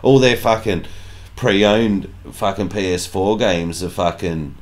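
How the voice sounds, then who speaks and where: A man's voice: low-pitched, takes it slowly. An Australian man hosting a podcast, telling a story in casual chat, full of swearing and acted-out dialogue. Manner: profane, animated storyteller acting out quoted dialogue. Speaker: podcast host.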